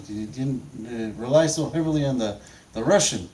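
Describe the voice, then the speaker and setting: A man's voice: mid-range voice, moderate pace, darkish tone, far from the mic, poor audio. A man hosting a casual stream, chatting and laughing while watching a video, often searching for words. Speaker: stream host.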